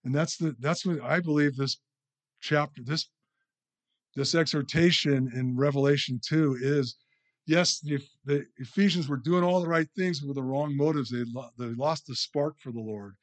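A man's voice: on the high side, moderate pace. A man preaching a conversational sermon, often checking in with the listeners with "you know" and "right?".

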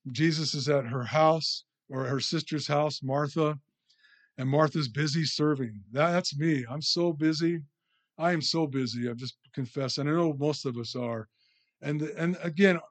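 A man preaching a conversational sermon, often checking in with the listeners with "you know" and "right?". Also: a little high.

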